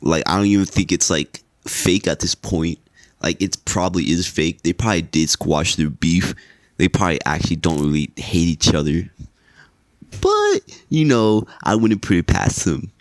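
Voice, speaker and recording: Laid-back low-voiced man recapping wrestling. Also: sing-song, moderate pace, no echo. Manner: laid-back, rambling, frequent "like" and cursing. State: sleepy. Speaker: podcast host.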